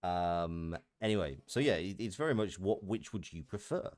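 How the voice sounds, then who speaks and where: A man's voice: deep voice, lively intonation, normal speed, a little mellow. A man with a Merseyside accent chatting on a live stream as a voice actor, explaining his thinking in a thoughtful way. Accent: Merseyside English. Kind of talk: casual chat on a live stream.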